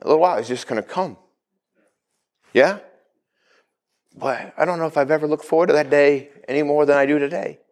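A man's voice: fairly high pitch, fairly quick, long pauses. A male pastor preaching a sermon, calling out to the congregation for responses.

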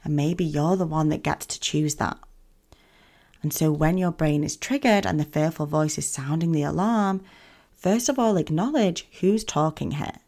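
Woman with a low gravelly voice, calm self-help podcast host, soft and coaching. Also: normal speed. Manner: gentle, soothing, coaching.

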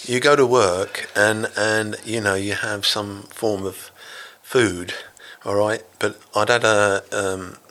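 Older British ex-navy man, low voice with a bright edge, chatty and rambling as an interview guest. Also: fairly even intonation, slow, hardly any pauses. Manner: rambling, full of restarts and "you know". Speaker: interview guest, former navy rescue diver. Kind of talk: storytelling in a casual interview.

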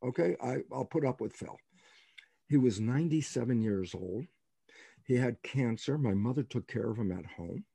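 Gravelly, emphatic male storyteller. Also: medium pitch, normal speed, dry recording. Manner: animated, acts out quoted dialogue; emphatic, rhetorical questions. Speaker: guest biologist. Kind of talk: storytelling in an interview.

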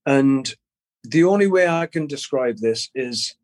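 A middle-aged man, a guest in an interview, telling a personal story in a halting way, repeating words and swearing casually. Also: mid-range voice, expressive. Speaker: guest musician.

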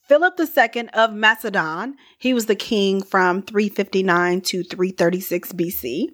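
A woman's voice: medium pitch, moderate pace, a bit bright. A woman hosting a podcast, casually telling a history story with playful, chatty asides and frequent laughter.

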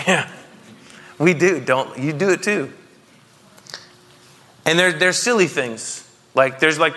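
A man's voice: a little high, takes it slowly, pauses often, sharp tone. A man in his thirties preaching a conversational, jokey sermon to his congregation, often asking them questions. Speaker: pastor. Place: church hall. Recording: long reverb of a hall.

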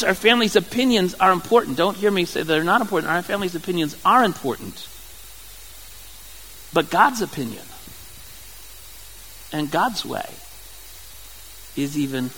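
A male preacher with a high voice delivers a sermon in a conversational manner. He often stumbles and repeats words. His voice carries a long hall reverb. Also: bright, forceful tone, a little hiss or hum. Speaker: pastor.

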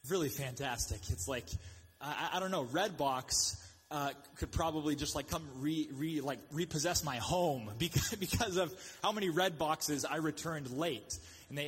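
A man preaching a sermon in an animated, joking way, with quick asides and mocking voices for the people he quotes. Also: fairly high pitch, slightly rough, in a large hall. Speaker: pastor.

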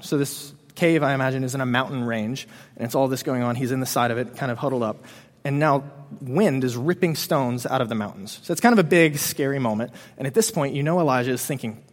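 A man giving a casual sermon to students, retelling a Bible story in a chatty way with plenty of "um" and "you know". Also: medium pitch. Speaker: preacher to students. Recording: reverberant hall.

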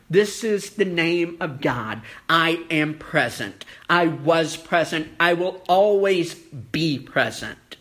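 A man's voice: a little high, lively intonation, takes it slowly, few pauses, sharp tone. A man, a pastor, delivering a sermon in an earnest storytelling way, reading scripture and asking rhetorical questions.

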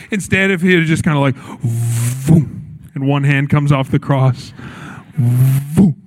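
A man preaching a sermon with feeling, acting out the quoted lines as he goes. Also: a little high. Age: adult, recalls his childhood. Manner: earnest, acts out quotes with shifts in voice. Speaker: pastor.

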